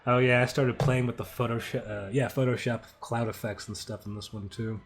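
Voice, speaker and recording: A man's voice: medium pitch, fairly even intonation, a little fast. A young man giving a casual creator commentary on his own animation, offhand and self-mocking, often laughing and swearing.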